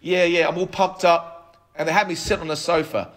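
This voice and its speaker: Man, thirties, podcast guest, animated storyteller, frequent restarts, fairly high voice. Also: moderate pace. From United Kingdom. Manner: animated, acts out quoted dialogue, frequent restarts. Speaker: podcast guest, app co-founder.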